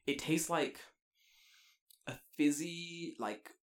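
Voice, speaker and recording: A young British man in casual podcast chat, telling lively stories with frequent laughter and casual swearing. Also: fairly high pitch, slow. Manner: animated storytelling, laughs often, swears casually.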